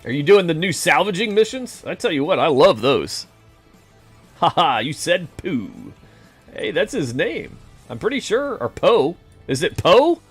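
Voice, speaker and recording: A game streamer with a fairly high, slightly rough voice chats casually with viewers, rambling and joking at his own expense. The recording is dry.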